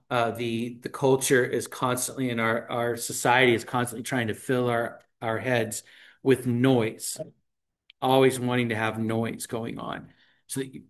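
A man leads a small Bible study, teaching casually and inviting the group to read along. He talks in halting bursts, often restarting his words and filling pauses with ums. His voice sits at an ordinary middle pitch.

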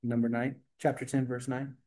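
A man leads a small Bible study, teaching casually and inviting the group to read along. He talks in halting bursts, often restarting his words and filling pauses with ums. His voice sits at an ordinary middle pitch. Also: little pitch movement, warm tone.

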